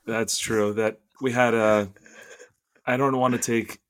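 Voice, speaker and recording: A man's voice: mid-range voice, steady tone, unhurried. A man on a podcast in casual chat, with a wry, teasing manner. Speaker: podcast co-host.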